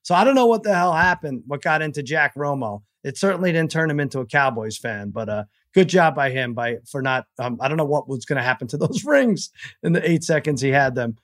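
A middle-aged man co-hosting a sports podcast, telling family stories in a rambling, halting, self-deprecating way. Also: a little high, animated, a bit bright, dry recording, clean studio sound. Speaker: podcast co-host. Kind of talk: casual storytelling chat.

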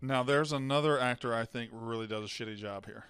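A man's voice: mid-range voice, fairly quick, fairly bright tone, clear, resonant tone, no room sound, studio quality. A man from Mississippi with a Southern accent, co-hosting a casual film-review chat and giving blunt, opinionated takes. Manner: blunt, opinionated, swears freely. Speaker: podcast co-host.

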